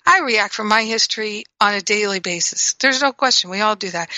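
Bright-voiced woman giving a spiritual talk. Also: mid-range voice, measured pace, no room sound, poor audio. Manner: animated storytelling, acting out her own reactions. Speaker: spiritual teacher and radio host.

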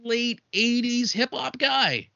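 A man's voice: very high-pitched, slow pace, creaky, sharp tone, no room sound. A man from Canada, a guest on a movie podcast, talking in dry, sarcastic casual chat. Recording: dull, dry podcast audio.

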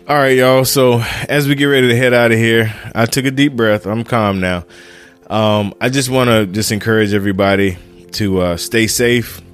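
A man's voice: medium pitch, fairly even intonation, normal speed, soft background music. A middle-aged man hosting his own podcast, talking in a fired-up, preachy way and calling his listeners "man" and "y'all". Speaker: podcast host. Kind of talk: casual motivational podcast monologue.

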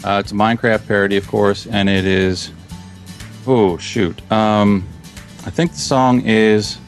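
A man's voice: on the low side, fairly even intonation, unhurried, soft background music. A man chatting as a podcast guest about his video projects in a casual, rambling way, often restarting sentences and chuckling.

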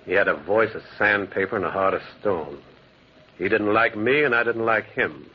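A man's voice: on the low side, moderate pace, a little hiss or hum, lightly acted. A man playing a lonely former prospector who narrates a 1940s radio drama, an old muffled recording. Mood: brooding. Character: lonely male loner who once prospected in the mountains.

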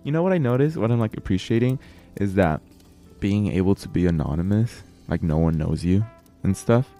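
Very deep-voiced Californian man hosting. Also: brisk, soft background music. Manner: relaxed, fills speech with "like". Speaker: podcast host. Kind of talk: casual chat.

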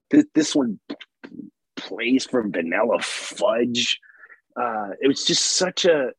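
Male host, husky voice, lively anecdote-teller, acts out the voices. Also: medium pitch, dry recording. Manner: animated, acts out voices in anecdotes, laughs often. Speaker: podcast host. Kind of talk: storytelling in casual conversation.

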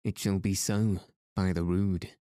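A man's voice: sits low, steady tone, a little slow, warm tone, no echo, studio quality. A man reading the lines of a stern, hunchbacked medieval duke in a harsh, curt way.

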